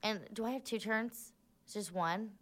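A woman playing a tabletop game, describing her character's actions in a lively, profane, playful way. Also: mid-range voice, normal speed. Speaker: player.

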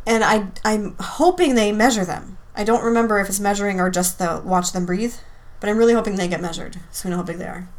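A woman's voice: medium pitch, fast talker. A heavily pregnant woman co-hosting a podcast in casual chat, blunt and chatty, laughing often. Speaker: podcast co-host.

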